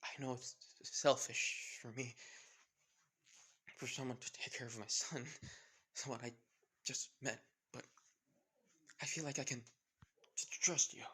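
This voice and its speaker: A man voicing a weak, dying young mother who speaks in soft, faltering near-whispers. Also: mid-range voice, steady tone, a little slow, pauses often, lightly acted. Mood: fading.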